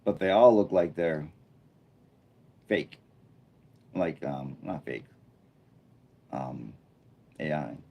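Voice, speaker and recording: A man hosting a casual live stream from an indoor room lit by a bright studio light, chatting and thinking aloud as he reads viewer comments. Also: extremely low pitch, lively intonation, extremely slow, creaky, pauses often, a little hiss or hum. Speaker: livestreamer.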